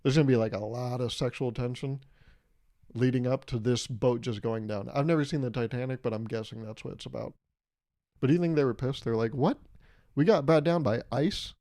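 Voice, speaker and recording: A man's voice: medium pitch, a little fast, dark tone. A young man hosting a casual solo podcast, rambling through a story and laughing at his own jokes. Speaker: podcast host.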